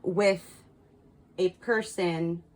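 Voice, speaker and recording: A woman's voice: lowish voice, steady tone, extremely slow, darkish tone, low-quality recording. A woman reading cards and giving frank spiritual advice to her viewers, swearing freely and repeating words for emphasis. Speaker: tarot card reader. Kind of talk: casual spiritual guidance to camera.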